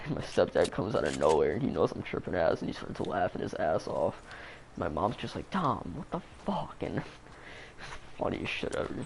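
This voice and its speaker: A man's voice: low-pitched, lively intonation, moderate pace, a little hiss or hum. A man telling a story in a casual, rambling way, swearing a lot and using plenty of fillers. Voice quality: creaky. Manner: rambling, profane, full of fillers.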